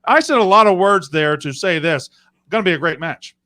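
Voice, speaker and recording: Man, podcast host as guest, bright tense voice, jokey and rambling. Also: high voice, expressive, fairly quick. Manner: jokey, profane asides, rambling. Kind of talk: casual live-stream chat.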